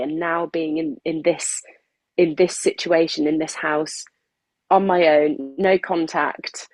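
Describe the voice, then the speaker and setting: Actress lady on a podcast, lower voice, dry sound, chatty and eager. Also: flat delivery, takes it slowly, a little mellow, no room sound. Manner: open, enthusiastic, laughs often. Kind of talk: casual interview chat.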